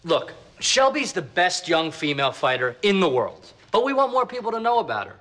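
An actor playing a fight manager who pitches his plans in a salesy, persuasive way, in a sitcom. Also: very animated, fairly quick, fairly bright tone. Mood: pitching. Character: smooth-talking promoter manager man. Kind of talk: sitcom acting.

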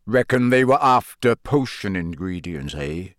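A grizzled old wizard-hunter, as a male narrator puts him on, growling his lines slowly and with menace. His words come out rough and unhurried. The read is dry, with no room around it. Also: on the low side, expressive, fairly bright tone, dry recording, voice pushed down.

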